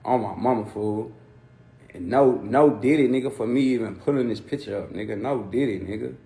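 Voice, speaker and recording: A man's voice: medium pitch, moderate pace, gravelly, warm tone. A man ranting heatedly on a livestream into a phone, mocking and swearing.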